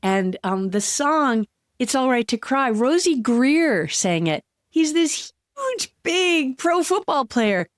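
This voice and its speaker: A woman hosting a solo podcast, talking candidly and with heartfelt, gentle emotion. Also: high-pitched, sing-song, slow, no echo, studio quality. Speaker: podcast host.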